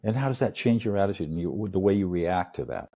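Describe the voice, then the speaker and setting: An older man with a low, husky voice tells stories as a podcast guest. His tone is soft and mellow, earnest and animated, and he acts out little scenes as he explains how he works as a mediator. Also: fast. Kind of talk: storytelling interview talk.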